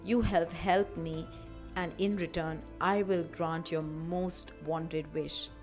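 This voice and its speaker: The Sun as a kind, weary male spirit in a children's storybook, speaking low and soft, as a woman plays him. Faint music sits under the voice. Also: lively intonation, unhurried. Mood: gentle.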